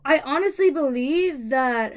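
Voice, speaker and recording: A woman's voice: high-pitched, lively intonation, a little slow. A young woman vlogger telling a personal story to camera, emotional and rambling, with many fillers and restarts.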